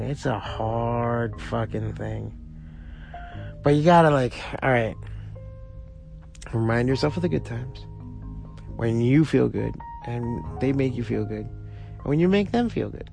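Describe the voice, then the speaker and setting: A man's voice: mid-range voice, slow, gravelly, long pauses, darkish tone. A man hosting a podcast, rambling in a casual monologue and swearing freely. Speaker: podcast host. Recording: music playing underneath.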